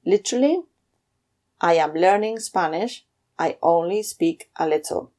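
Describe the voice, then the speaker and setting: A woman teaching a beginners' language lesson. Her voice sits on the low side for a woman. She slows down and pronounces each example phrase carefully. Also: expressive, a little mellow. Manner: clear, slowed model pronunciation of phrases. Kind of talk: scripted lesson.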